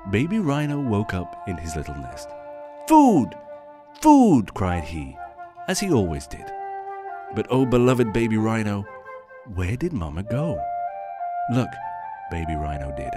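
A man performing a short story aloud, with theatrical, old-fashioned inverted phrasing. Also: low-pitched. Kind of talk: scripted story narration.

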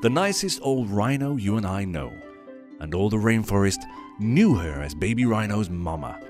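Theatrical male storyteller with lively pitch. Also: moderate pace, faint music behind. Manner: theatrical, old-fashioned inverted phrasing. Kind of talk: scripted story narration.

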